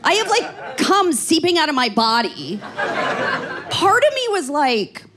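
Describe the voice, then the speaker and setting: A woman's voice: high voice, sing-song, unhurried, crowd noise. A woman in her forties from Canada doing stand-up comedy into a handheld stage microphone, chatty and rambling with dry self-mocking asides. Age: 40s.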